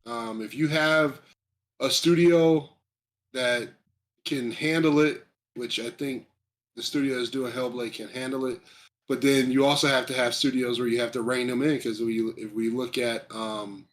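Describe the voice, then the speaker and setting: A man co-hosting a casual live stream, chatting excitedly and rambling a little as he reads viewer comments aloud. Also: mid-range voice, moderate pace. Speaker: stream co-host. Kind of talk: casual chat about video game awards.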